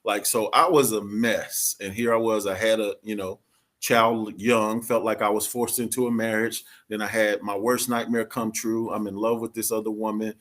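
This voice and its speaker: Low-voiced man giving candid testimony. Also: little pitch movement, moderate pace, fairly bright tone. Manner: earnest, confessional, slangy. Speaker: podcast co-host, guest.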